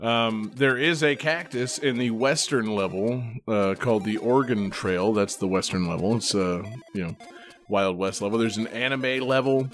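A man's voice: fairly low pitch, normal speed, a bit bright, faint music behind. A man with a Boston accent chatting casually on a podcast, rambling with many fillers and laughing often. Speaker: podcast co-host.

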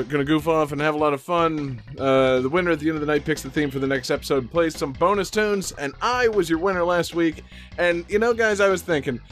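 A man's voice: on the high side, fairly bright tone. A man hosting a game-show podcast in casual joking chat, upbeat and teasing, laughing often.

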